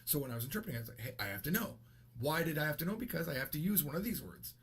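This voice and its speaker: With a fairly high, breathy voice, a man in his thirties from the US races through a casual video lesson at a very fast clip, staying animated throughout. He's a language teacher, and his delivery is chatty and rambling, full of self-corrections.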